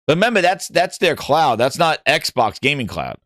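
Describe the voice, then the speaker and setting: A man's voice: fairly high pitch, big pitch swings, normal speed, fairly bright tone, no echo, clean studio sound. A man hosting a gaming livestream, talking casually, reading chat aloud and joking in mocking voices.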